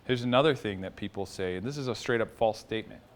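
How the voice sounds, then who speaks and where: A man teaching a small group in a relaxed, conversational way, asking them questions and joking now and then. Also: on the low side, quick pace. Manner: conversational, quizzes the audience, jokes lightly. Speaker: workshop teacher.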